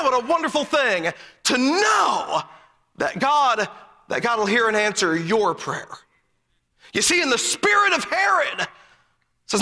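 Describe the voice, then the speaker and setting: With a strikingly high, piercingly bright voice, a man delivers a fervent sermon full of stories, now and then climbing into an emphatic shout. A long hall reverb lingers after each phrase. He is very animated yet a little slow, with a creaky edge and frequent pauses.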